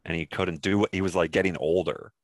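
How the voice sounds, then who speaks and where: A man's voice: low voice, steady tone, fast talker, no room sound, clean studio sound. A young man co-hosting a podcast, rambling and wisecracking through casual movie chat. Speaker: podcast co-host.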